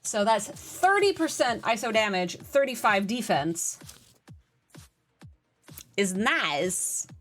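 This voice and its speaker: A woman game streamer talks through a live session, chatty and excitable as she answers her viewers. Her voice sits fairly high. Faint game music runs underneath. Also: unhurried, few pauses. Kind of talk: casual live-stream chat.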